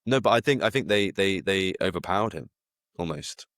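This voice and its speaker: A man's voice: low voice, animated, brisk, a bit bright, no echo, studio quality. A man rambling through a theory in casual chat, full of fillers and restarts. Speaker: podcast co-host.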